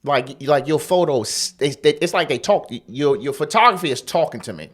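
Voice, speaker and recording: A man's voice: on the high side, expressive, moderate pace. A man hosting a casual podcast interview, talking in a slangy, laid-back way and often tossing in "you know what I'm saying.". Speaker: podcast host.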